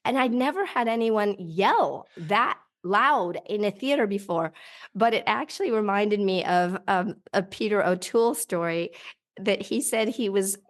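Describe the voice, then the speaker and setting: A woman's voice: mid-range voice, unhurried. A middle-aged woman, a podcast host, chatting casually and acting out voices as she tells a story. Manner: animated storyteller, acts out voices with laughs. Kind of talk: casual chat.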